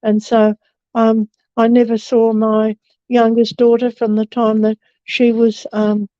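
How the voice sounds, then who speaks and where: Older woman, interviewee; slow, hesitant testimony, fairly high but mellow voice, dull dry recording. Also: monotone, dry recording. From Australia. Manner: halting and hesitant, many fillers and restarts. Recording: dull, slightly muffled recording.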